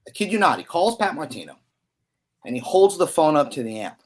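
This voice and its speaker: A man's voice: fairly high pitch, big pitch swings, brisk, a little hiss or hum. A man in his thirties from Pennsylvania, a musician guest telling stories in a loose, chatty way full of fillers and slang. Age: 30s. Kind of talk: casual storytelling.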